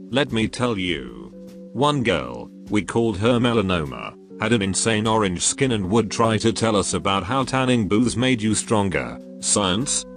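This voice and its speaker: A man narrating online stories in a steady, deadpan reading voice. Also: on the low side. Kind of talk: scripted narration. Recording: faint music bed.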